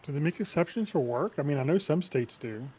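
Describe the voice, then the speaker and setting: A man chatting casually as a co-player in a game stream, making quick opinionated remarks over slightly dull online voice chat. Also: a little high, animated, a little mellow, slightly rough, no room sound. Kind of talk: casual chat while gaming.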